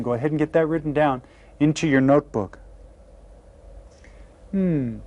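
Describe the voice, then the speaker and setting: A man teaching a beginner language lesson to children, slowly and patiently sounding out each word. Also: on the high side, narrow, tinny audio. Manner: slow, patient, carefully sounds out words. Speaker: Spanish teacher. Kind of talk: classroom video lesson.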